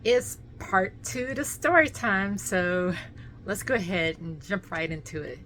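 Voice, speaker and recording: A woman tells a casual story for her vlog in a mid-pitched voice. She is animated and peppers her talk with fillers. She slips into acting out the people in her story. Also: measured pace. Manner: animated storyteller, many fillers, acts out quotes. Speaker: vlogger.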